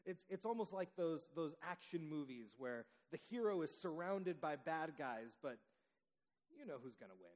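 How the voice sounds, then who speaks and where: A man preaching a sermon, telling the story with dramatic pauses and lively emphasis. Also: a little high, in a large hall, rough recording. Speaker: pastor.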